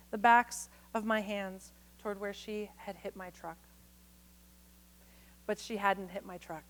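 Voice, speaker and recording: A woman's voice: on the high side, low-quality recording. A woman poet reading her work on a conference stage, talking frankly with salty words and playful asides to the audience. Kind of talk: poetry reading with spoken asides.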